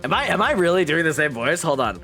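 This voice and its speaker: A man's voice: a little high, sing-song, fast talker, bright, forceful tone, soft background music. A man streaming a game, chatty and thinking aloud, swearing freely as he works out character voices. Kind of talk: casual game stream commentary.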